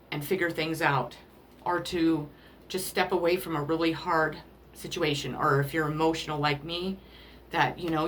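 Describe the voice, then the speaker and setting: A woman doing a spiritual card reading, emotional and rambling, often pausing to apologize as she talks to the listener about love. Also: sits low, a little hiss or hum. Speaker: tarot card reader.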